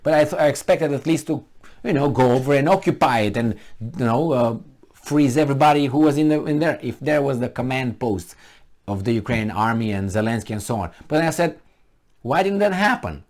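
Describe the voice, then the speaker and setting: Man, solo commentary, sarcastic, animated, very lively pitch. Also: fairly quick. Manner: animated, sarcastic, jumps into mocking voices. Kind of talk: casual solo commentary reading a news article.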